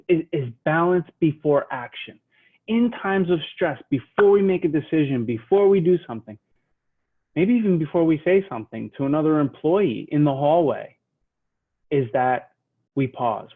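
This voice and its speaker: A man teaching a leadership lesson, guiding listeners through a slow mindful breathing exercise and speaking in a soothing manner. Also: a little high. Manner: slow, soothing, drops to a hush while counting breaths. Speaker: leadership trainer. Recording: tinny phone-like sound.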